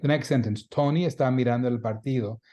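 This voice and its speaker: In a recorded lecture for a beginning Spanish class, a male instructor speaks fast in a mellow, medium-pitched voice. He explains the grammar patiently and goes over the key points more than once.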